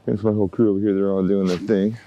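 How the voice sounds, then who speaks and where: A deep-voiced dog trainer races through casual vlog narration, talking to a handheld camera while walking his dogs in a yard by the woods. He's relaxed and chatty, coaxing the dogs with pet names, and the highs in the audio are cut off.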